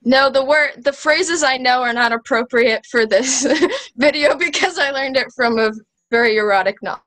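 A woman tells a self-deprecating story over a video call, her voice a little high. She talks casually and breaks into giggles. The tone is loose and chatty. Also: moderate pace, fairly bright tone, rough recording. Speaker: cast member.

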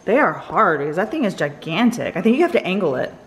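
A woman's voice: fairly low pitch, big pitch swings, fast talker, slight background noise. A middle-aged woman and mother chatting casually and upbeat at home for a family vlog, rambling from one thing to the next.

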